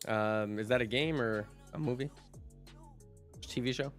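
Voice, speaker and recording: A man's voice: mid-range voice, a little slow, long pauses, faint music behind. A man streaming a game, chatting casually and rambling to his viewers. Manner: relaxed, rambling, with restarts and fillers.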